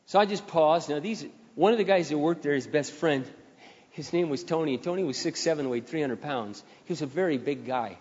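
A pastor telling a story in a sermon, dramatic and passionate at times, quiet and earnest at others. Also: male voice, fairly high pitch, a little fast. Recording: dull sound with long hall reverb.

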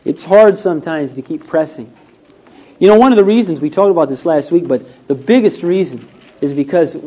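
Male preacher, slightly high, warm voice, storytelling sermon, dull lo-fi recording. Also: expressive, a little fast. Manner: storytelling with acted-out quotes, rising and falling emphasis.

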